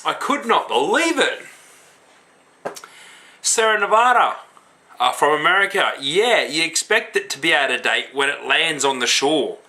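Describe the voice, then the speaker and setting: A man's voice: fairly high pitch, very animated, unhurried, pauses often, bright, forceful tone. A tipsy man with an Australian accent, rambling and swearing in a casual rant to his vlog viewers about homebrewing and beer. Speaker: homebrewing vlogger.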